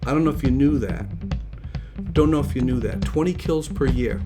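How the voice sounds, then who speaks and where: A man hosts his own live show from home, chatting casually and upbeat while sounding a little out of breath and repeating himself. His mid-range voice has lively intonation and a moderate pace, with music playing in the background.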